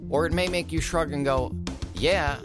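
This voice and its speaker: A man's voice: a little high, steady tone, fairly quick, music in the background. A man hosting his own podcast, delivering a sarcastic, snarky solo monologue. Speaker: podcast host.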